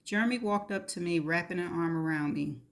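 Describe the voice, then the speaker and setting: A woman reading a novel aloud in the first person, steady and intimate. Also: lowish voice, fairly quick, gravelly. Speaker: reader.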